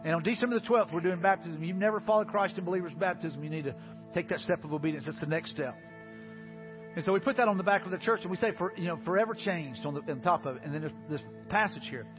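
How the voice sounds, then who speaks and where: A male pastor preaching an earnest sermon, often saying "man" and dropping to soft low tones when he makes his appeals. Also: fast talker, highs cut off, music in the background.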